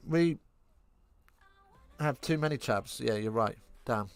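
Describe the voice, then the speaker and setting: A man with an English accent doing casual live match commentary, trading cheeky, crude banter with chat between excited calls of the play. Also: on the high side, moderate pace, clean tone, no room sound. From England.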